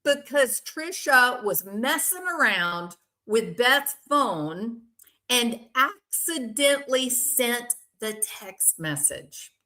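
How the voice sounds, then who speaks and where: An older woman talks through a case in casual, opinionated commentary, leaning hard on her points. Her voice is bright and fairly high, and she takes her time. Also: very animated, slow. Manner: opinionated, emphatic, plain-spoken. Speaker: commentary channel host.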